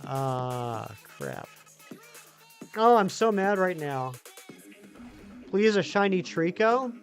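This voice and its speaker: A man live-streaming a video game, chatting excitably with his viewers. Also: high-pitched, slow, soft background music. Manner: chatty, excitable, talks to chat. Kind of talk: live gaming stream chat.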